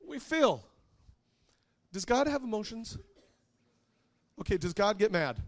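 A man's voice: sits high, sing-song, unhurried. Joking, conversational male preacher. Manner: conversational and joking, asks the audience questions. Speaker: pastor. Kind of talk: sermon to a live congregation.

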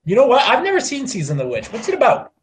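High, lively-voiced young man ranting. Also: rapid-fire, slight background noise. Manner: profane, animated movie ranting. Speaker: podcast co-host. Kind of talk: casual chat.

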